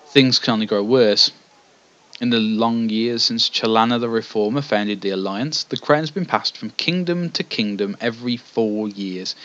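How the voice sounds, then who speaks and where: Playing a text adventure as a let's play, a man reads the game's story aloud evenly, then chats between passages with hesitant asides. His voice is fairly low and fairly bright, and the sound is lo-fi.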